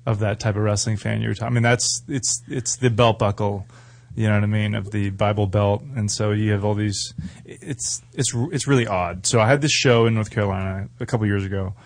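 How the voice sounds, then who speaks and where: A man's voice: on the low side, steady tone, brisk, gravelly, dry recording. A man being interviewed, telling a story in a rambling, profane, laughing way. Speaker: guest, professional wrestler.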